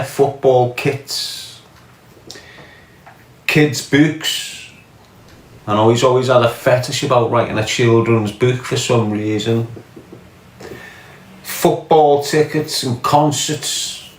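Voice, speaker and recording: A man with a thick Scouse accent rants casually as a podcast host, profane and scornful. His voice sits at an ordinary middle pitch. The room around him rings noticeably. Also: echoey room. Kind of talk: casual ranting commentary.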